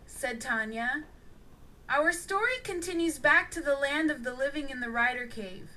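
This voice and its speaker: A woman reading a storybook aloud as the narrator, in a slow, animated way. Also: fairly high pitch. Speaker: audiobook narrator.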